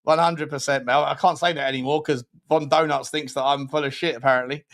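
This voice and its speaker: A young man hosts a casual live stream, his voice sitting somewhat high. He talks loosely, reads viewer comments aloud, swears freely and laughs often. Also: steady tone, brisk. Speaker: host.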